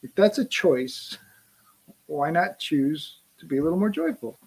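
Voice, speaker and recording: A man's voice: fairly high pitch, very animated, measured pace, darkish tone, breathy edge. A middle-aged man hosting a podcast, talking earnestly in casual conversation and often restarting his phrases. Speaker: podcast host.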